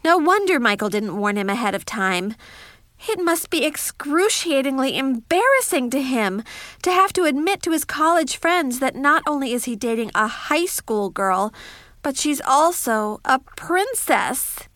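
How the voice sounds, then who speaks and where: A woman's voice: sits high, very animated, measured pace, fairly bright tone, no room sound, studio quality. A woman narrating a first-person story in a chatty, wry diary style.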